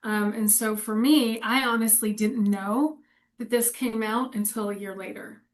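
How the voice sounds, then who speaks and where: A woman's voice: on the high side, fairly even intonation, measured pace. A woman in her forties chatting casually and candidly, rambling and laughing often. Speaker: co-host. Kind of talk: casual chat.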